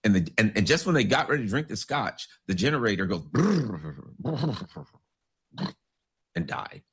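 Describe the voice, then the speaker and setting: A man's voice: lowish voice, sing-song, measured pace, breathy edge. A man hosting a rambling political commentary, telling folksy jokes and stories with many restarts.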